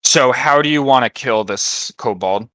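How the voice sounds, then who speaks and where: A man acting as dungeon master in an online tabletop game, calmly guiding players through the rules and narrating the action. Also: medium pitch, measured pace, dry recording.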